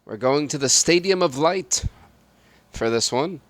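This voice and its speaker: A man's voice: a little high, a little slow. A man giving casual play-by-play of a football video game, flaring up at big plays and muttering side remarks. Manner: excitable play-by-play that drops to mumbled asides. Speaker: gaming channel host. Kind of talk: solo video game commentary.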